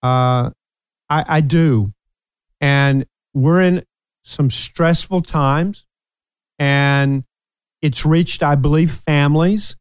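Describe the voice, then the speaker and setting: A man's voice: a little high, drawn-out words, pauses often, clean tone, no room sound. A man in his sixties hosting a casual talk show, upbeat and teasing. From United States. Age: 60s. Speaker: host. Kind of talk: casual chat.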